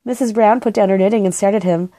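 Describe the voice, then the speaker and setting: Woman, gentle expressive storybook reader, mid pitch, dry close sound. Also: fast, dry recording. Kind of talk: reading a children's book aloud.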